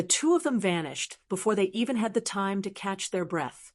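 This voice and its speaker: Female narrator, mid-pitched, steady fantasy audiobook narration. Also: moderate pace, hardly any pauses.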